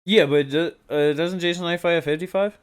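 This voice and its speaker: A young man co-hosting a combat sports podcast, excitable and swearing freely in casual chat. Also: fairly high pitch, a little fast, smooth. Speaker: podcast co-host.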